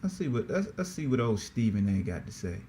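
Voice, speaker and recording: A man hosting a sports podcast in a casual, slangy, animated way, often repeating himself. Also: mid-range voice, fairly quick, a little hiss or hum. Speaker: podcast host.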